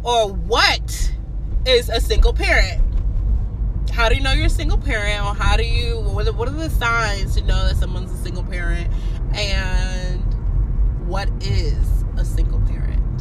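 A young woman who is sick, chatting casually from her car while driving, with blunt, profane, rambling talk. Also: on the high side. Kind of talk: casual chat. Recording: road noise from a moving car.

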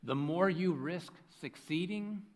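Male pastor, fairly high voice; scripture reading into a direct, engaging sermon. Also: slow pace. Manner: reads scripture aloud, then preaches directly to the congregation. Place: church sanctuary with a congregation.

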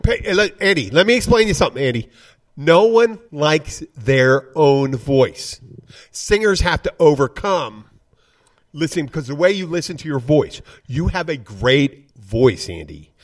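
A man's voice: a little high, big pitch swings, a little slow. A man hosting a casual podcast, rambling through stories and swearing casually. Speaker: podcast host.

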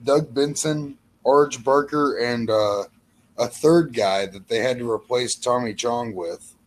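A man trading deadpan, offbeat jokes in a casual comedic chat as a podcast co-host. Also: mid-range voice, a little slow, low-quality recording.

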